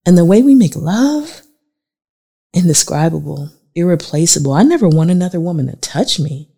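A patient, calm bald man from a memoir audiobook, pleading with his lover in an earnest, tender way, as a woman reads him in her own voice. He speaks in a slightly low register. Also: moderate pace, husky, heavily acted.

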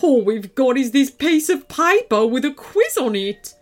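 A woman's voice: sits high, big pitch swings, measured pace, faint music behind. A woman voicing an eager young potaroo in a children's storybook. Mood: explaining.

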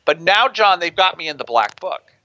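A man's voice: high-pitched, very animated, normal speed, sharp tone, muffled recording, a little hiss or hum. A man in an interview telling stories in a brash way and swearing freely. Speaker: guest, prison consultant. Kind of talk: profane storytelling in an interview. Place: near a big city on the US West Coast.

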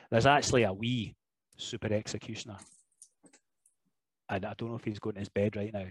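A man's voice: mid-range voice, no echo, poor audio. A Scottish man holds forth as a podcast guest with an easygoing, jokey energy. His voice sits in a plain middle register. The recording is close and dry with no room sound. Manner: animated, jokey storyteller who slips into impressions and laughs. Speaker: professional wrestler guest. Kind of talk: casual podcast interview chat.

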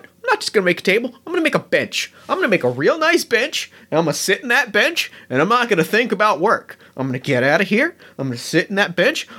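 A man's voice: sits high, bright, forceful tone, pitched above the performer's own voice, exaggerated voice. A man voicing a stoic, grumbly male goblin woodcutter who rants and complains. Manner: grumbling rant, rising to outrage.

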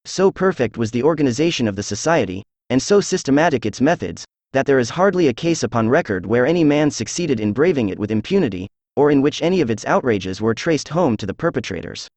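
A synthesized male voice reading a classic detective story aloud as narrator, in an even, measured manner. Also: mid-range voice, dry recording. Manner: even, measured text-to-speech reading of all parts.

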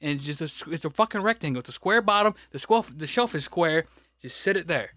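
A man's voice: on the high side, lively intonation, fast talker, bright, forceful tone, no echo. A man chatting casually on a podcast, rambling and swearing often as he vents. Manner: rambling, frustrated, swears a lot. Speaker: podcast co-host; grocery stocker. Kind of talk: casual profane chat.

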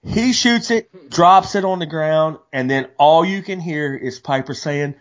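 A man's voice: a little high, moderate pace. A man co-hosting a casual hunting podcast, telling stories animatedly with many restarts. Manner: animated storyteller, frequent restarts. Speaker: podcast co-host. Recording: dull lo-fi podcast audio.

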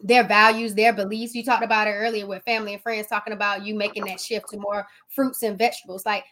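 A woman host responds to her guest in relaxed, conversational talk. She builds her points with emphasis and rhetorical questions at a mid-range pitch. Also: fast talker, a little hiss or hum. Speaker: podcast host. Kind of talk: casual podcast chat.

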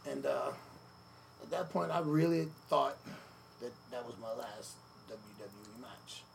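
A man telling stories in a relaxed sit-down interview, with many fillers, acting out the quotes of others. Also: mid-range voice, unhurried, vocal fry. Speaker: podcast guest, former wrestler. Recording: noisy room ambience.

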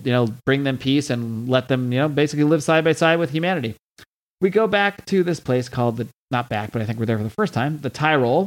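A man hosting a podcast, retelling a comic story in a relaxed, chatty way. He swears freely and reads the characters' lines in loose put-on voices before sliding back into his own easy tone. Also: mid-range voice. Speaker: podcast host recapping a comic. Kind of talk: casual recap with read-out dialogue.

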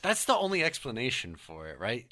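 A man co-hosting a casual sports podcast, talking in a measured, analytical way. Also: mid-range voice, huge pitch swings, sharp tone, dry recording, studio quality. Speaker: podcast co-host.

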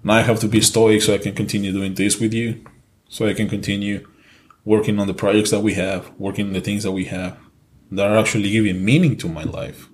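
A man's voice: fairly low pitch, flat delivery, brisk, a little hiss or hum. A man with a Mexican accent, Spanish his first language, co-hosting a casual podcast in an earnest, repetitive way, swearing freely. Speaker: podcast co-host.

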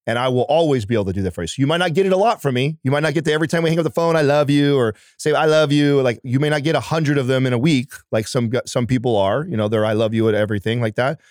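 A man's voice: medium pitch, very fast, few pauses, darkish tone, dry recording, studio quality. A man speaking as a podcast guest in casual conversation, earnest and emphatic, swearing now and then.

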